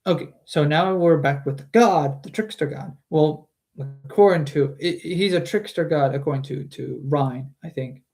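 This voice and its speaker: A man's voice: on the high side, normal speed, hardly any pauses, a little mellow. A man reading a book aloud on a stream, chatting about the story between passages and often restarting his sentences. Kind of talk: casual book reading with commentary.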